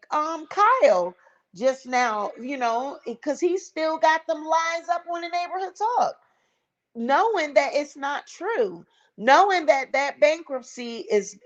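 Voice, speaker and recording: A woman's voice: sits high, dull audio. A woman hosting a casual gossip commentary vlog, blunt, sassy and profane. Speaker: vlog host.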